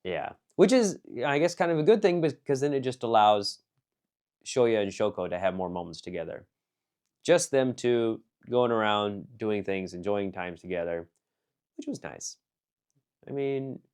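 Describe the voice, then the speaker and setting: A man casually reviewing an anime film, rambling with lots of fillers and restarts, jumping between excited bursts and quiet muttered asides. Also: medium pitch, a little slow.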